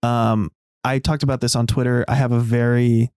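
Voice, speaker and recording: A man's voice: medium pitch, level tone, moderate pace, a little mellow, clean tone, dry recording, studio quality. A man hosting a casual talk show, rambling with fillers and restarts. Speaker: podcast host. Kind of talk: casual chat.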